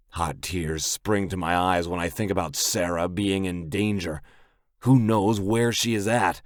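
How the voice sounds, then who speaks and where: A man's voice: low voice, fairly even intonation, a little slow, dry recording, studio quality. A man narrating a romance audiobook in first person, in a gritty, blunt way.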